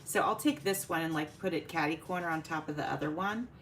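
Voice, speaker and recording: A woman's voice: low-pitched, quick pace, fairly bright tone, a little hiss or hum. Chatty woman crafting on a livestream. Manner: chatty, greets viewers by name, laughs often. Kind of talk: casual livestream chat while crafting.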